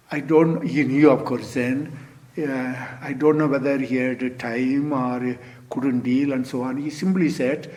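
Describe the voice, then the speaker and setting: An older man giving a Zen dharma talk, unhurried, often chuckling and adding "you see" to his points. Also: mid-range voice, darkish tone. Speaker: Zen teacher.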